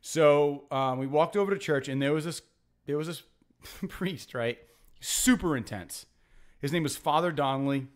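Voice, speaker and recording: A man's voice: a little high, moderate pace. Rambling young man telling a story. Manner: rambling storyteller, many fillers and restarts. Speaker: podcast host. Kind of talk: casual podcast banter.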